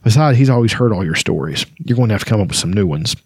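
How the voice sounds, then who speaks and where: A man reading aloud as a wise, gentle old man who is secretly a god, speaking softly and tenderly. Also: lowish voice, lively intonation, fast, husky.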